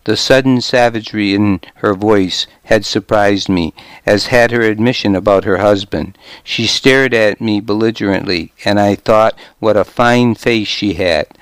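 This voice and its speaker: A man narrating a first-person audiobook in a measured, even manner. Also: fairly low pitch, clean tone, no echo.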